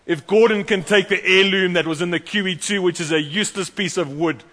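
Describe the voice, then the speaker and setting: A man preaching a sermon, animated and storytelling, acting out the voices of the people in his stories. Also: high voice, brisk. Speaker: pastor. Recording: long hall reverb.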